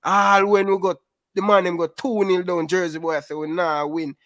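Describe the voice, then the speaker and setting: Lively man caller. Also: high voice, brisk, dry recording, studio quality. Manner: animated, patois-laced, calls everyone brother. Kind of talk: casual phone-in chat.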